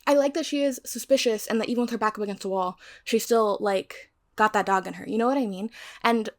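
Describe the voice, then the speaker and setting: A woman with a medium-pitched voice talks fast, giving a casual, rambling recap of the crime novel she's reading as a book reviewer. She goes off on tangents and swears freely.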